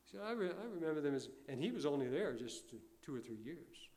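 An older man preaching a sermon in a folksy storytelling way, alternating loud emphasis with quiet asides. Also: a little high, big pitch swings, quick pace. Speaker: pastor.

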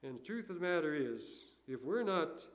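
An older man preaching a sermon in a folksy storytelling way, alternating loud emphasis with quiet asides. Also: a little high, sing-song, moderate pace. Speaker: pastor.

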